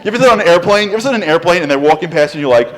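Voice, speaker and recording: A man giving an inspirational lecture with humor, an animated storyteller who fires off rhetorical questions to the audience in a large lecture hall. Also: high-pitched, rapid-fire. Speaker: speaker. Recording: long hall reverb.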